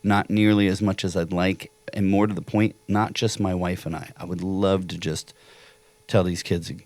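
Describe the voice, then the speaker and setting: A man in his forties talks with a fairly low voice in a studio. He rambles through casual banter, swearing freely. The sound is dry and close, with no room around it. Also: little pitch movement, moderate pace, darkish tone, dry recording. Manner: profane, rambling banter with frequent laughs. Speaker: podcast co-host. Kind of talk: casual chat.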